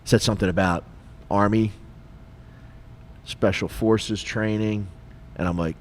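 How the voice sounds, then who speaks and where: Low-voiced man telling a story. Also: measured pace, a little hiss or hum. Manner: animated, acts out dialogue, frequent fillers. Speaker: podcast co-host, retired police officer. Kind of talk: casual storytelling.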